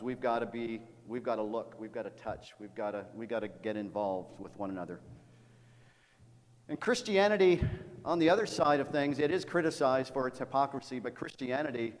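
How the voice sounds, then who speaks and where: A middle-aged man preaching a sermon as a pastor, speaking earnestly and often repeating words as he tells a story. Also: mid-range voice. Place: church sanctuary. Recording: long reverb of a large hall.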